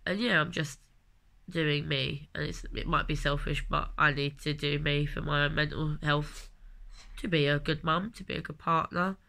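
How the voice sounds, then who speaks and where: A woman's voice: low-pitched, fairly even intonation, moderate pace, creaky, bright, forceful tone. A woman in her late twenties with a London accent, talking in a rambling, heartfelt personal vlog while she has a cold. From London, England. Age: late 20s. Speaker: vlogger.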